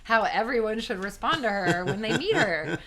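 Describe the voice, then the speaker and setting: A woman guest in a casual interview, telling animated stories, laughing often and acting out quoted dialogue. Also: medium pitch, moderate pace, slight background noise.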